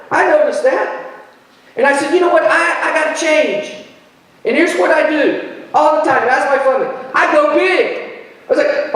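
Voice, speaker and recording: A man preaching a sermon as pastor, telling stories at his own expense with lively delivery and frequent repeated phrases. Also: very high-pitched. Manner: animated, self-deprecating storytelling with repeated phrases. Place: church sanctuary. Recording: very echoey church sanctuary, voice from far off.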